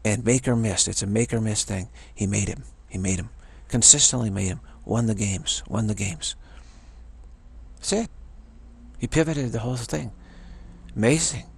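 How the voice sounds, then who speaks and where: Man, middle-aged, gravelly, husky, emphatic motivational talk, repeats lines for stress. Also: lowish voice, normal speed. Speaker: teacher of a self-development practice.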